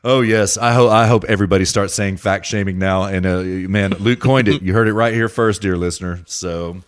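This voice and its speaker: A man's voice: deep voice, steady tone, normal speed, few pauses. A man hosting a casual political podcast, ranting emphatically and addressing the listener directly. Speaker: podcast host.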